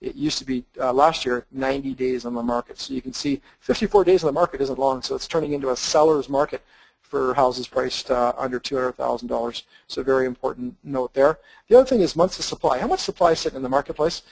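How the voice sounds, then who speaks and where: A man walks listeners through market slides in an easygoing, explanatory manner, often pausing on fillers and restarting phrases. His voice has a gravelly edge at a middle pitch. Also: poor audio. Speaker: real estate investment presenter. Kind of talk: webinar slide presentation.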